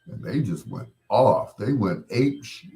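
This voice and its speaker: A man talking slowly but with lots of lift and fall in his voice. He tells a casual story, laughs often, and acts out the people in it. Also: medium pitch, sing-song, warm tone. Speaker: host.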